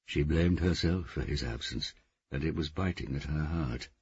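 A man narrating a novel in steady, measured scripted narration. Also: a bass voice, breathy edge, no echo, muffled recording. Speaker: audiobook narrator.

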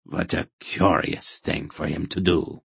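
Man doing an old male cave ruler, dry, mild, skeptical, slow husky voice. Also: low-pitched, animated, fairly bright tone, dry recording, heavily acted. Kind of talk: audiobook character voice.

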